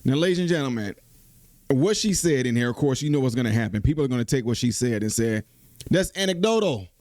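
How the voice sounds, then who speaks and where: A man giving casual reaction commentary on a video clip, animated and talking back at it. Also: medium pitch, quick pace, no room sound, clean studio sound. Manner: animated, talks back at the clip with laughs and asides.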